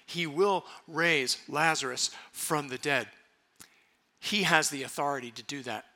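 A man's voice: fairly high pitch, measured pace, vocal fry, pushed and bright. A man preaching a sermon as pastor, emphatic and repeating his key phrases for weight.

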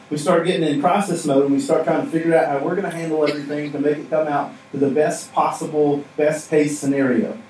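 A man delivers a sermon in a relaxed, joking style, often turning questions to the audience. His voice sits a little high. The sound comes from a distance in a very echoey hall with a faint hiss behind it. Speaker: pastor. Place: stage in a church hall. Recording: echoey room from far off with faint noise.

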